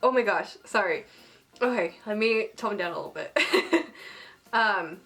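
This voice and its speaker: A young woman giving a casual, excited episode review, gushing and saying "like" constantly. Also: mid-range voice, measured pace. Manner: gushing, excitable, heavy use of "like". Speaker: anime reviewer.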